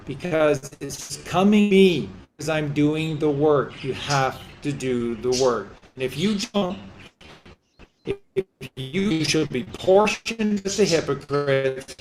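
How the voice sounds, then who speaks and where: A man's voice: on the high side, a little hiss or hum. A man hosting a podcast, giving impassioned religious commentary in a preachy, repetitive way as he exhorts his listeners. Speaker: podcast host.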